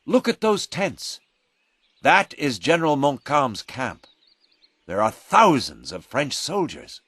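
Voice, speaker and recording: Brief: a man doing an alarmed young officer, higher and louder, dry sound. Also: big pitch swings, takes it slowly, slightly rough, no echo, heavily acted. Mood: urgent.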